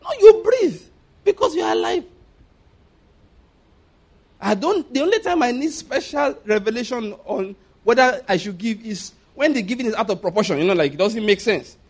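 Preacher guy, pretty high voice, animated, laughs a lot, does little voices. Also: fairly quick, few pauses, breathy edge. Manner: lively, laughing often, acts out quoted voices. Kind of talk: sermon.

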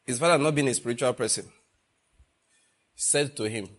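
A man's voice: medium pitch, moderate pace. A man preaching a sermon, asking the congregation rhetorical questions and repeating phrases for emphasis.

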